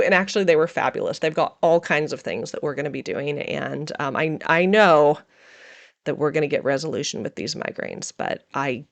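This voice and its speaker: A woman's voice: deep voice, moderate pace, gravelly. A middle-aged woman hosting a podcast, talking candidly and emotionally about her day in a casual monologue, laughing often. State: emotional, feeling raw. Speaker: podcast host.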